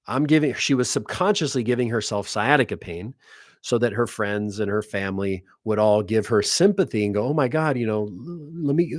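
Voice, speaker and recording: A man's voice: medium pitch, no echo, clean studio sound. A man who works as a hypnotist, telling a client story to camera in a casual, earnest way and acting out quotes. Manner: animated, earnest, acts out quotes. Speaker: hypnotist and coach.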